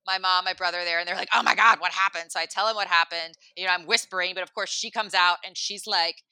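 A woman casually telling a comic story in an animated, rambling way, full of "like" and acted-out quotes. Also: fairly low pitch, quick pace, clean tone, dry recording.

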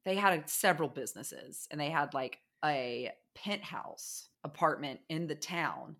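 A woman chatting casually and telling a story in an animated way, acting out the people and sounds in it. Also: deep voice, unhurried.

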